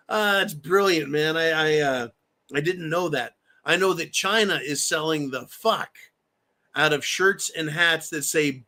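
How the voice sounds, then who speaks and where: A man's voice: on the high side, measured pace, sharp tone. Profane, mocking male stream host. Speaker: host reading viewer chat. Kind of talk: live-stream commentary.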